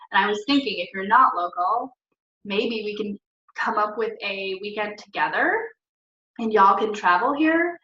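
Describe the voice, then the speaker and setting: A woman's voice: medium pitch, sharp tone, slight background noise. A young woman talking in a chatty, rambling, encouraging way in a casual motivational vlog recorded at home. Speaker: network marketing team leader. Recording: roomy, distant, dull lo-fi sound.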